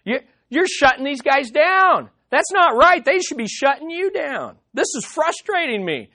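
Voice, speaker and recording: A man's voice: very high voice, sing-song, measured pace, bright, forceful tone, no room sound, studio quality, pitched above the performer's own voice, heavily acted. A man preaching who voices an exasperated, self-assured male accuser. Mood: indignant. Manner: exasperated, indignant.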